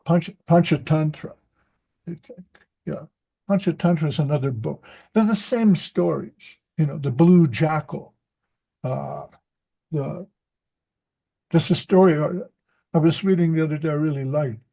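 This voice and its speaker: A man's voice: a little high, unhurried, vocal fry, pauses often, warm tone, slightly rough. A man who teaches reading, talking in a loose, rambling way at a group meeting and often restarting his sentences. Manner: rambling, self-interrupting storyteller. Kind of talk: casual group discussion.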